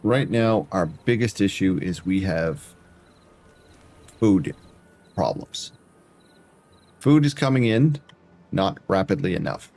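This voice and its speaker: Male streamer, low husky voice, casual running commentary while building. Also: animated, takes it slowly, pauses often, a little mellow. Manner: muttering, thinking aloud while building. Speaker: variety streamer.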